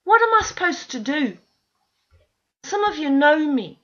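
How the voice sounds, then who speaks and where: A woman's voice: sits high, very animated, unhurried. A woman at home in an impassioned, frustrated monologue to camera, pleading with listeners and swearing often. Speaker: video blogger. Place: at home with dogs nearby. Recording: dull lo-fi recording.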